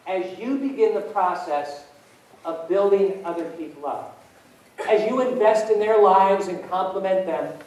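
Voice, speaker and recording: A man with a fairly high voice gives a motivational talk and tells humorous stories with lively energy. He is heard from a distance in a big, strongly echoing hall, with a faint background hiss. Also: measured pace. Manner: animated, humorous storytelling. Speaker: motivational speaker. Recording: echoey hall from far off.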